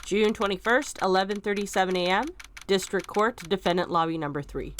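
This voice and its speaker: A woman's voice: mid-range voice, fairly even intonation, brisk. A woman hosting a let's play, casual and self-deprecating in her commentary, over game music.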